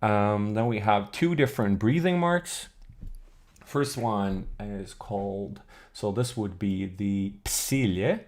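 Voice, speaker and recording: Slow-paced and darkish in tone, his lowish voice carries a live-streamed explanation of an old alphabet book. He thinks out loud, stops to correct himself mid-sentence, and reads out chat questions before answering them.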